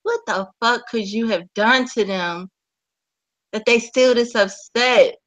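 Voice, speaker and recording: A woman in her forties co-hosting a casual podcast, joking and swearing in animated banter. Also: fairly high pitch, slow, low-quality recording. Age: 40s. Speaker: podcast co-host. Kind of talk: casual chat.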